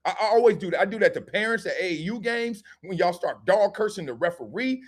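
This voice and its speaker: A man's voice: sits high, animated, fast talker, hardly any pauses. A middle-aged man hosting a live sports talk stream, joking, slangy and acting out little scenes as he talks. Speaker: host.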